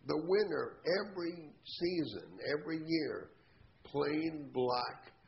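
A man in the men's suit business, speaking haltingly on a discussion panel. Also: a little high, big pitch swings, vocal fry, lo-fi sound. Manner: slow, halting, with many fillers and restarts.

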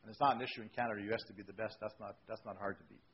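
A man's voice: fairly low pitch, steady tone, rapid-fire, lo-fi sound. A man, a railway executive, telling jokey anecdotes on a discussion panel.

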